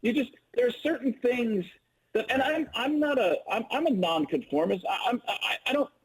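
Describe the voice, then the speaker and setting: A man's voice: very high voice, normal speed, a little hiss or hum, poor audio. A man, a comedian, chatting as a guest in an interview and telling stories with lots of stammered restarts. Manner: stammering restarts, animated storytelling. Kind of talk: casual interview chat.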